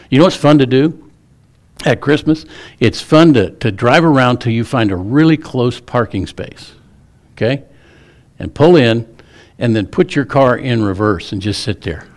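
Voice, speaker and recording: A man's voice: mid-range voice, lively intonation, a little slow, pauses often. A middle-aged man, a pastor preaching a sermon in a church, telling stories in a folksy, humorous way. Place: church sanctuary.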